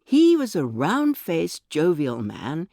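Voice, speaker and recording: Low, slow, expressive woman storyteller. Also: gravelly, dry recording. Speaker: audiobook narrator. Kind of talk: scripted story reading.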